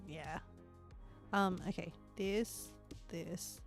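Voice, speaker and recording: A woman livestreamer chatting casually while she builds in a game, rambling and excitable and laughing often. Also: on the low side, very slow, vocal fry, soft background music.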